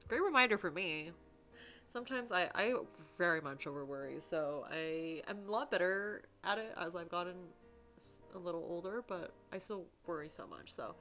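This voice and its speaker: A woman's voice: fairly low pitch, fairly bright tone. A woman reading a dating game aloud as the heroine, breaking off to gush and comment between lines. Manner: gushing, giggly asides between narration.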